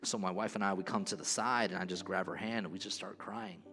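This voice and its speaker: A pastor preaching a sermon in a church, telling a personal story in an earnest way. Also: male voice, low-pitched, fairly even intonation, quick pace, pushed and bright, soft background music.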